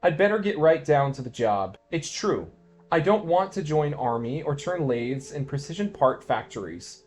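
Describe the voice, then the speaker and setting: A man giving a dramatic poetry reading, swinging between quiet musing and loud declamation. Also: fairly high pitch, animated, moderate pace, faint music behind. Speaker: poetry reader.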